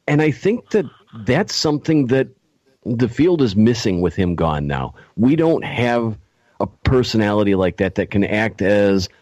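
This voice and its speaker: A man's voice: medium pitch, mellow, no echo, lo-fi sound. A man speaking on a radio panel, earnest and searching for his words. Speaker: radio show co-host, panelist. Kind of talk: casual roundtable discussion.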